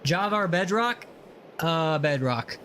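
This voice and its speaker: Bright, high-voiced playful male streamer. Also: expressive, takes it slowly, a little hiss or hum. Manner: playful, teasing, reads viewer messages aloud. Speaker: livestream host. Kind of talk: casual chat while gaming.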